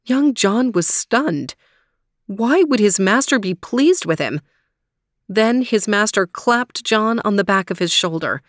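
Storyteller: measured woman narrator, unhurried, dry close mic. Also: mid-range voice, animated, dry recording. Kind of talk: storybook read-aloud.

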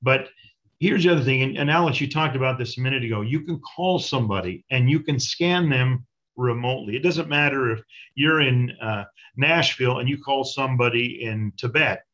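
Halting man on dull lo-fi audio. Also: mid-range voice, fairly bright tone. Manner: hesitant, halting with fillers. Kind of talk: conversational product pitch.

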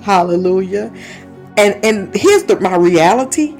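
A woman's voice: medium pitch, fairly quick, faint music behind. A woman in her fifties preaching a conversational sermon, telling stories with laughs and asides and breaking into speaking in tongues. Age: 50s. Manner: lively storytelling with laughs and asides.

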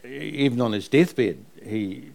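A man's voice: mid-range voice, slow pace, gravelly. Older NZ man, memoir author, rambling live storyteller who laughs through his tales. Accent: New Zealand. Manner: animated, rambling anecdotes, laughing while he tells them. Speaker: author interviewed about a family memoir. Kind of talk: live on-stage conversation, storytelling.

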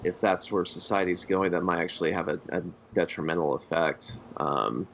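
A man co-hosting a podcast, talking about films in a halting, hesitant way. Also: sits low, fairly bright tone, a little hiss or hum. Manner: halting, full of fillers and restarts. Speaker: podcast co-host. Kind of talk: casual film discussion. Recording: dull lo-fi podcast audio.

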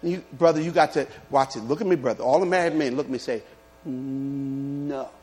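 A man preaching a lively sermon, telling humorous stories and calling out to his congregation. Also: medium pitch, normal speed, soft background music. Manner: animated preaching with humorous stories and call-outs. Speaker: pastor.

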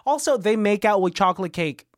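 Podcast co-host, man with a high voice, jokey and sweary, dry close mic. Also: animated, brisk, no echo. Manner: joking, laughs often, swears casually. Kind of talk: casual movie recap chat.

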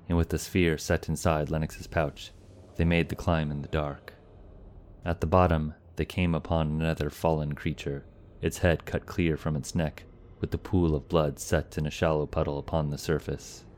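A man reading a fantasy story aloud as a narrator, in a steady, measured storytelling manner. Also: rumbling low, slight background noise.

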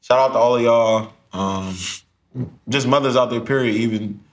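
A man's voice: mid-range voice, normal speed. A young man co-hosting a podcast in casual chat, telling stories with laughter and acted-out quotes. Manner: animated storytelling, laughing, acts out quotes. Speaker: podcast co-host.

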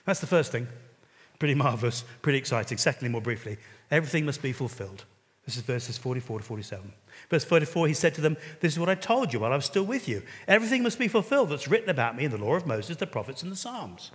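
A man preaching a sermon in an animated way, telling stories and rising suddenly into loud exclamations. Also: medium pitch, fast. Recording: long reverb of a large hall.

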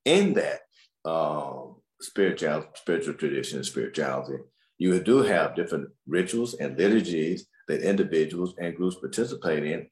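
A man, a scholar, answering interview questions in a measured, explanatory way. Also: very deep voice, animated, a little mellow, roomy sound. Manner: measured, explanatory, repeats words.

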